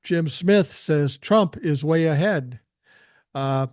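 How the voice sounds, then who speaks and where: Older man, podcast host, fired-up profane rant, a bit breathless, slightly high voice, dry sound. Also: expressive, slow pace, a little mellow, dry recording. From South Minneapolis, USA. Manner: profane, heated, mocking. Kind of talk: ranting live stream commentary.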